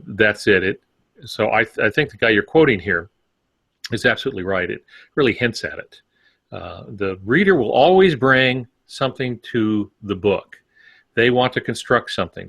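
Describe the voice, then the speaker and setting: Low-voiced man explaining in a dry recording. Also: animated, normal speed, vocal fry, a bit bright, husky, no room sound. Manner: rambling, filler-heavy explanations. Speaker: podcast co-host. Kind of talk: casual discussion.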